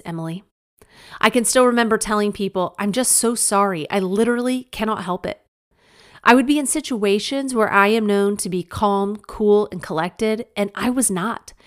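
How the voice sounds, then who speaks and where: A woman's voice: medium pitch, smooth. A woman reading her own book aloud as a memoir, candid and emphatic, with wry humor, speaking straight to the listener. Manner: conversational, addressing the listener directly. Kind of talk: audiobook narration of a memoir.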